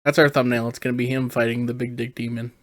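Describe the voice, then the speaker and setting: A man's voice: medium pitch, little pitch movement, quick pace. A young man co-hosting a podcast, joking and amused. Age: young adult. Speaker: podcast co-host. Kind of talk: casual chat.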